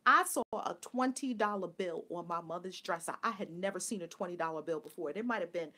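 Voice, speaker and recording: A woman giving a live spiritual talk who tells animated stories, laughs often and sometimes drops to a soft whisper. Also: fairly low pitch, fairly quick. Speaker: spiritual teacher.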